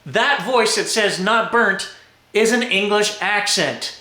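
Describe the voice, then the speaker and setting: A Canadian man running a live spirit box session outdoors in cold woods, excitedly talking to spirits and viewers. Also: high voice, no echo. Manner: excited, talks to spirits and viewers, quick chuckles. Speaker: paranormal vlogger.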